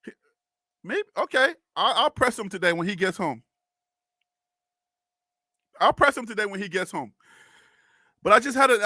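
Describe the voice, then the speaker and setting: A high-pitched man hosts a casual live sports stream with a bright, forceful edge to his voice. He talks straight to the chat in a lively way, laughing often and repeating himself. The sound is close and dry. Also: no room sound. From North Carolina, US South.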